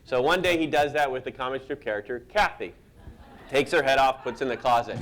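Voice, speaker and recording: A man being interviewed as a cartoonist, telling animated, self-deprecating stories and laughing at his own anecdotes. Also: medium pitch, brisk, a crowd in the background. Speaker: cartoonist guest.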